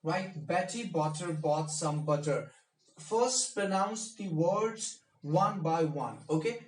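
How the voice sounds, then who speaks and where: High-voiced man coaching pronunciation slowly. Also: lively intonation, recorded from a distance. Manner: repeats and drills each word slowly. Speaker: speech coach. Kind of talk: pronunciation lesson. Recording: echoey room, mic set back.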